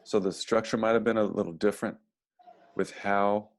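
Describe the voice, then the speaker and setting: Low-voiced male guest, measured. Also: steady tone. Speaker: guest, basketball coach. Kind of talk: casual conversation.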